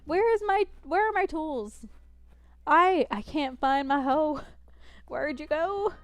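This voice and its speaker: A woman's voice: high-pitched, animated, slow pace, a bit bright, dry recording. A woman in her twenties chatting casually while playing a game, rambling, counting aloud and poking fun at herself. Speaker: gaming streamer.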